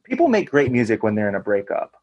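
A chatty man talking as a guest in an easygoing podcast chat. He talks in loose runs full of restarts and "like", at a middling pitch. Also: wildly swooping pitch, fast talker, a little mellow, muffled recording. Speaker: guest, fitness instructor.

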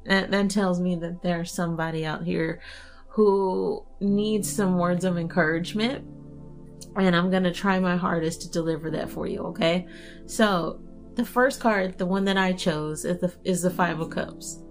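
A young adult woman hosting a casual podcast and doing a tarot reading, chatty and quick to laugh. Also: fairly low pitch, soft background music. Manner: chatty, laughs often, relaxed and warm-hearted. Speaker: podcast host and tarot reader.

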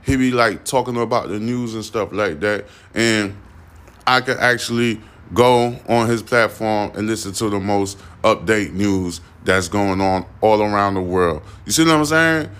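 A man's voice: fairly low pitch, unhurried, fairly bright tone, smooth. Defiant rambling man hosting a solo podcast. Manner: rambling and defiant, repeating "you see what I'm saying". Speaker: podcast host. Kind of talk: casual solo podcast monologue.

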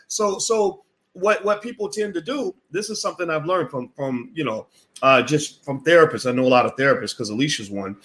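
His voice a little high and a bit bright, this finance commentator gives a blunt, profane direct-to-camera rant. Over and over he makes his point, daring anyone listening to prove otherwise.

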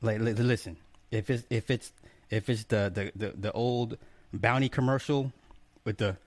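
An adult man hosts a laid-back live stream, cracking jokes, swearing freely, and greeting viewers by name one after another. His fairly low voice holds a steady tone at a moderate pace, with no echo.

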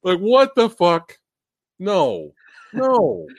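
A man hosting a casual chat, ranting and cursing with big bursts of laughter. His voice sits a bit high and swings widely in pitch. The sound is close and dry, with no room around it. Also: big pitch swings, extremely slow, gravelly, no echo. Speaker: host.

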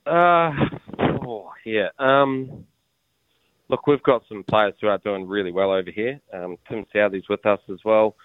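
A man's voice: on the low side, measured pace, clean tone, no room sound, phone-quality sound. Laid-back New Zealand man on a call. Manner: laid-back, chuckling, matey. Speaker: show regular calling in from abroad. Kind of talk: casual chat.

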